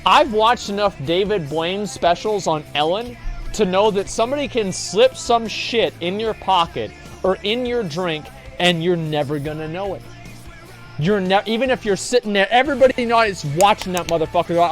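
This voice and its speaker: A man's voice: sits high, normal speed. Profane, rambling male streamer. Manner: rambling, profane, animated storytelling. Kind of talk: casual livestream chat. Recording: faint music behind voice.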